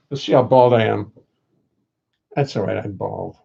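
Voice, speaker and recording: A man's voice: on the low side, normal speed, creaky, pauses often, dark tone, highs cut off. An older man hosting a live stream from home, chatting in a wry, joking, meandering way. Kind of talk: casual rambling chat.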